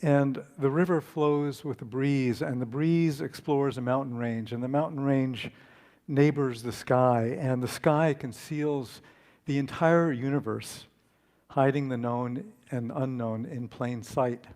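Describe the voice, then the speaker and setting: A man preaching a relaxed, conversational sermon, telling a story and speaking with fillers and restarts. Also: mid-range voice, a little slow. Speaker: speaker and author.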